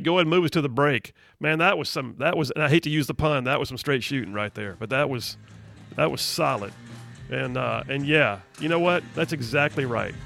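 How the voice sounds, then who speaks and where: A talk radio host with a gravelly, fry-edged voice, pitched a little above most men's. He speaks emphatically and drives each point home. Faint music plays softly behind him. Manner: emphatic, fired-up.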